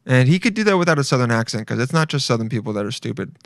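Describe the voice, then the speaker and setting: A man's voice: medium pitch, animated, rapid-fire, creaky, no room sound, clean studio sound. A young adult man hosting a podcast, rambling and swearing as he rants in a loose, casual way, often breaking into laughter. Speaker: podcast host. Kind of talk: casual solo podcast rant.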